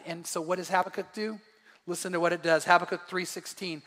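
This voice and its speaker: A middle-aged pastor preaches with a high, bright voice, earnest and swelling into fervent emphasis. His words ring through a church hall with a long echo. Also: level tone, brisk. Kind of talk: sermon. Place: church sanctuary.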